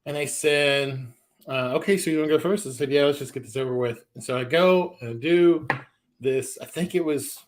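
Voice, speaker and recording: A male comedian in his forties, from the American South, spins lively anecdotes in an interview. He slips in and out of the voices of the people in his stories, and his voice sits at an ordinary middle pitch. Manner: animated storyteller, acts out quoted voices. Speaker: stand-up comedian guest. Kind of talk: storytelling interview.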